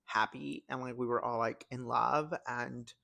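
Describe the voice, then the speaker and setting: A man's voice: mid-range voice, steady tone, measured pace, gravelly, pushed and bright, dry recording. A young man hosting a podcast alone, chatting casually and emotionally, with many fillers. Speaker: podcast host. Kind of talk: casual solo chat.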